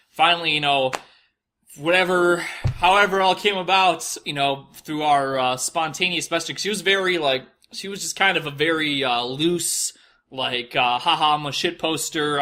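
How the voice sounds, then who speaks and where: A man's voice: fairly high pitch, sharp tone. A young man telling a personal story in a casual monologue, rambling with lots of fillers and frequent swearing.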